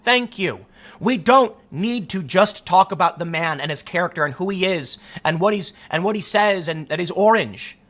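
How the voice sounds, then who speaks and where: A man's voice: high voice, expressive, moderate pace, hardly any pauses, fairly bright tone. A man hosting solo political commentary, talking emphatically and arguing his point. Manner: emphatic, argumentative, acts out quotes in other voices.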